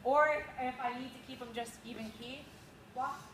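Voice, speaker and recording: A woman's voice: a little high, fairly even intonation, brisk. A woman teaching a dog agility class, coaching the students and calling cues to her dog. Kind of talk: outdoor training class instruction. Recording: echoey with loud background noise.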